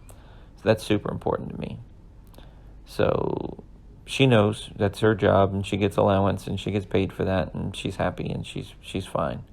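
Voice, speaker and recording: A man's voice: deep voice, little pitch movement, a little slow, vocal fry, darkish tone. A man in his thirties, a podcast host, telling an earnest, rambling personal story in a casual way. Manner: rambling, earnest, emotional at times.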